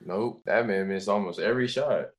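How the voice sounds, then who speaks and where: A man's voice: on the low side, moderate pace. A laid-back man chatting casually about a show, slangy and laughing a lot. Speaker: show recap co-host. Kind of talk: casual reaction chat.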